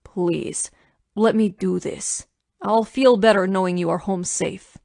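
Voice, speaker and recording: A woman voicing a protective, commanding billionaire man in his thirties, speaking low, steady and insistent for an audiobook. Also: slow, creaky, dry recording, clean studio sound.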